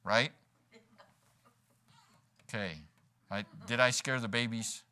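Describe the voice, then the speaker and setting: A man's voice: medium pitch, fairly even intonation, slow pace, bright, forceful tone, clear, resonant tone. A man preaching a sermon in a church, folksy and joking, acting out quoted lines as he goes. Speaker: pastor. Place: church sanctuary.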